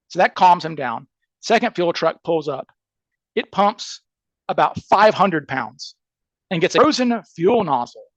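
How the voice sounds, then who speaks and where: Guy retelling a story on a podcast, kinda high voice, dry close sound, acts out all the quotes, says like a lot. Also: no echo. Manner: animated, acts out quoted people with shifting voices; chatty, many "like" fillers and quick restarts.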